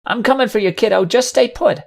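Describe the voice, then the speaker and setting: A man voicing a brave adult mare pony in an audiobook, shouting urgently. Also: a little high, brisk, vocal fry, voice pushed up. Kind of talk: audiobook character voice.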